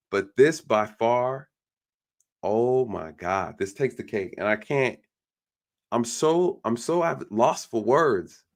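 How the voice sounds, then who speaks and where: Speaking at medium pitch with a fairly bright tone, a man doing casual online commentary on YouTube vents to his viewers, sounding irritated and exasperated.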